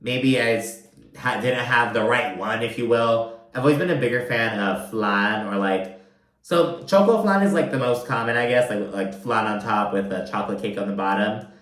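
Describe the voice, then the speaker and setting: A man's voice: lowish voice, fairly even intonation, normal speed, fairly bright tone. A young man recapping a reality show in casual, rambling commentary, full of fillers and campy asides. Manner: chatty, rambling, lots of fillers, campy mock voices. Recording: roomy echo.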